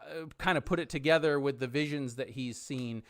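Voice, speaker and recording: A man's voice: medium pitch, a little fast. A man narrating as game master in a hesitant way, with frequent ums and restarts.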